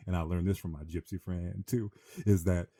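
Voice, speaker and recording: Deep-voiced man telling stories. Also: moderate pace, dry recording, studio quality. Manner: animated, slangy storyteller who acts out voices. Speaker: podcast host. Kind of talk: casual storytelling chat.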